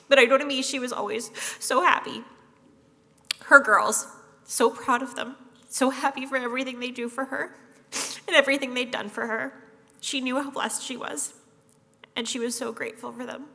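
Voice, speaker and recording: Bright-voiced woman giving a funeral tribute. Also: high-pitched, fairly even intonation, normal speed, gravelly. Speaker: eulogy speaker. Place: funeral hall. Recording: echoey hall.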